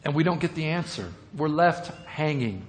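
A man's voice: a little high, lively intonation, normal speed, long reverb tail. A man preaching a sermon, retelling a parable with repeated words and rhetorical questions.

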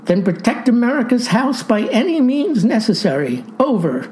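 A woman's voice: a little high, very animated, moderate pace, mellow, a little hiss or hum, voice pushed up. Comedy radio play: woman voicing a clipped, stern commander giving orders.

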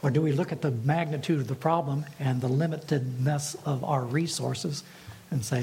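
A man, a pastor, preaching a sermon in a measured way and putting rhetorical questions to his congregation. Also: mid-range voice, fairly even intonation, darkish tone, rough recording.

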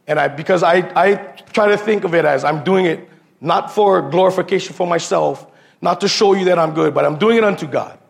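A man's voice: high voice, a little fast, vocal fry. A man giving an informal sermon built on personal stories, talking casually with slang and repeated words and calling listeners "bro.". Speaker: lay preacher.

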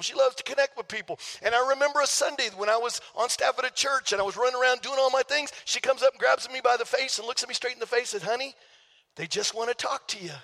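A man's voice: very high-pitched, creaky, bright, forceful tone, in a large hall. A male pastor preaching a sermon in a conversational, emphatic way, often repeating words as he goes. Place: church sanctuary.

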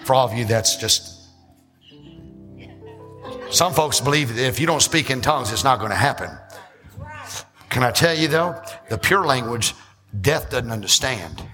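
A male pastor preaching a sermon, acting out church members and rising into shouts. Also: mid-range voice, lively intonation. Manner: acts out church members in quick asides. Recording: reverberant hall with music behind.

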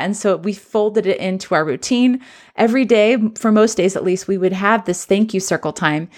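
Earnest woman telling a classroom story. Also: medium pitch. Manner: earnest, reflective, re-enacts children's voices. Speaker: former teacher turned coach and trainer. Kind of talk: personal storytelling podcast.

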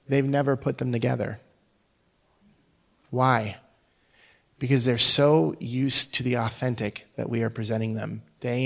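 A man in his thirties with a gravelly edge to his mid-range voice tells a personal story from the pulpit. His delivery is chatty and humorous, and he slips into the voices of the people in his story. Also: medium pitch, a bit bright. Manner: conversational and humorous, acts out quoted dialogue. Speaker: speaker, father. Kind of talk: storytelling sermon.

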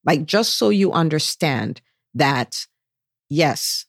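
A woman physician hosts her podcast alone, speaking with warm, bubbling enthusiasm. She often lifts her pitch to imitate the people she quotes. The sound is close and dry, with no room around it. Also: expressive, moderate pace, dry recording. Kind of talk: solo podcast monologue.

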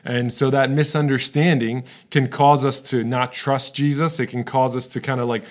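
A man's voice: medium pitch, level tone, normal speed. A man preaching a sermon to viewers in a casual, earnest way, often checking in with the listeners. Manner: conversational, earnest, frequent "right?" asides. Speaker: pastor. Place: recorded for online viewers.

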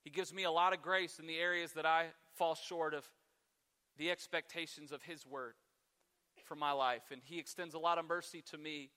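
Bright-voiced pastor preaching in a hall. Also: male voice, on the high side, fairly even intonation, moderate pace, smooth. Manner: conversational, self-deprecating, acts out his own huffy grumbling. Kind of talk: sermon.

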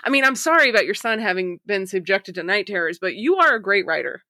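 A woman's voice: mid-range voice, very animated, fast talker, pushed and bright, dry recording, studio quality. A woman hosting a podcast, reading listener stories aloud in a casual way, swearing freely and laughing often. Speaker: podcast host.

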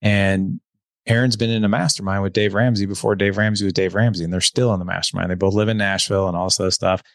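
A middle-aged man, a podcast guest, telling an animated story and acting out the dialogue as he goes. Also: low voice, fast. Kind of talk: storytelling in casual conversation.

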